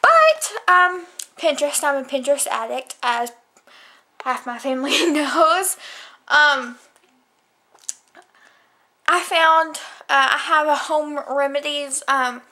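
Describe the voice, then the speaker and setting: Woman vlogger, young, high voice, slow, rambly venting at home. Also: lively intonation, bright, forceful tone. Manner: rambling, complaining, lots of fillers. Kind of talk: casual chat to camera. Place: at home indoors at night.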